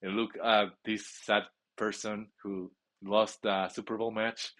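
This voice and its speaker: Excitable rambling man narrating his gameplay. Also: lowish voice, a little slow. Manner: excitable, rambling, with frequent restarts. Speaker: gamer playing a football video game.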